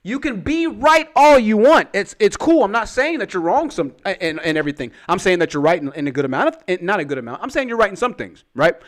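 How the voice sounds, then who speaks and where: A man's voice: sits high, big pitch swings, quick pace, hardly any pauses. A man giving casual reaction-video commentary, rambling and repeating himself in a candid, confessional way. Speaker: YouTube commentator.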